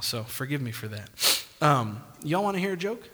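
A man's voice: mid-range voice, expressive, quick pace, background noise. A man pastor preaching a sermon emphatically, punctuating points with calls of amen, in a church hall. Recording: long church reverb.

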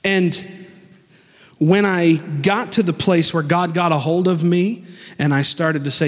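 A pastor preaching a sermon in church, animated and emphatic, speeding up and slowing down and swinging between loud and soft. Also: male voice, a little high, big-room sound. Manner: animated, emphatic preaching with sudden shifts in pace and loudness.

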